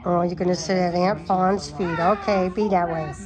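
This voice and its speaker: Woman, pet owner, affectionate cooing baby talk, lowish voice, some soft whispers. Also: fairly even intonation, moderate pace, over music. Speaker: cat owner filming her pets. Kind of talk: casual baby talk to cats. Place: home, indoors.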